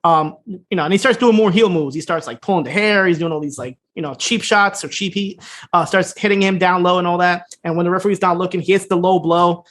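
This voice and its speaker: A man co-hosting a podcast, recapping a TV episode in casual chat, quickly acting out what the characters say, with frequent laughs. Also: sits high. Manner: fast, animated retelling with laughs and acted-out quotes. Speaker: podcast co-host.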